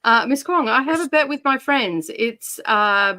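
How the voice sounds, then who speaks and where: Chatty Australian woman, bright voice. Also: high-pitched, expressive, slow. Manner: chatty, laughs often. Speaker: livestream co-host. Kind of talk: casual live-stream chat.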